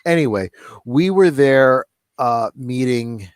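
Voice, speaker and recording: A male co-host of a casual stream who tells a story with real animation and slips into acted-out quotes. His pitch swings widely, and the sound is dry and close with no room around it. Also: animated, slow, no echo. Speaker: co-host of a fan stream show.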